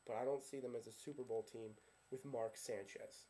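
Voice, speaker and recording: Dark-voiced sarcastic man, football fan rant. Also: mid-range voice, steady tone, fairly quick. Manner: sarcastic, ranting, keeps asking himself questions. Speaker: sports vlogger.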